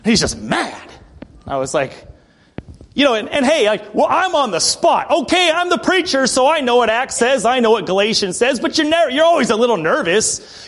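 A male preacher giving a sermon in a conversational storytelling way, often clearing his throat. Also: very high voice, sing-song, normal speed, a bit bright. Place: church building.

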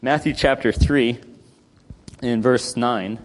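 A man teaching a Bible study in a mid-pitched voice, moving between read-out verses and relaxed explanation. He clears his throat now and then. The room rings with a long reverb. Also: slow, a little hiss or hum. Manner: reads scripture aloud then explains in casual talk, frequent throat clearing.

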